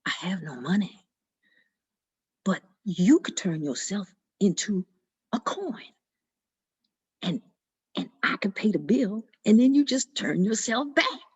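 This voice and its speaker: A woman's voice: medium pitch, big pitch swings, slow, long pauses, husky, heavily acted. A woman voicing Jack, a sly, stingy, clever grown man with a wheedling, crafty manner.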